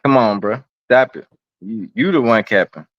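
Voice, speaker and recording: A man's voice: fairly low pitch, normal speed, no echo, muffled recording. A man hosting a livestream, defensive and exasperated, swearing through heated banter.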